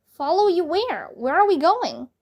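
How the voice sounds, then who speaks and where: A woman's voice: very high voice, sing-song, a little slow, highs cut off, pitched above the performer's own voice, full character voice. A woman voicing a nervous, stubborn young schoolboy in a children's storybook read-aloud.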